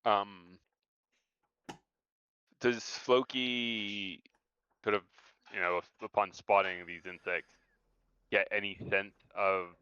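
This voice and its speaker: Hesitant man with a smooth, dry voice. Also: on the low side, fairly even intonation, takes it slowly, long pauses, sharp tone, dry recording, lo-fi sound. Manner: tentative, hedging questions. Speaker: player. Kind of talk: tabletop game play.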